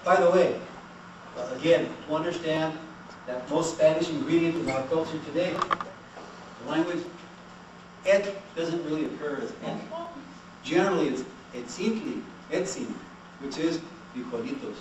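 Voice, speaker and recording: Animated male lecturer in an echoey room. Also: on the high side, normal speed, pauses often. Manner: animated, asks the class questions and has them repeat. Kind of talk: classroom language lecture. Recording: echoey room, mic far off, noisy.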